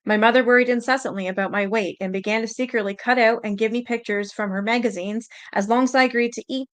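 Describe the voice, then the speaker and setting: Woman reading a dark story aloud. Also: fairly high pitch, steady tone, fast talker. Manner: reads steadily, stumbles on words, breaks in with blunt reactions. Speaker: channel host reading letters aloud. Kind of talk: storytelling reading with spoken asides.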